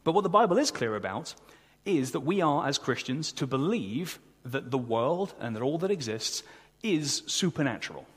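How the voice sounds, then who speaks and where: A man preaches a sermon in an earnest, conversational way, now and then asking the congregation to agree. His voice is somewhat husky. The sound rings with long reverb from the church hall. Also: medium pitch, sing-song, normal speed.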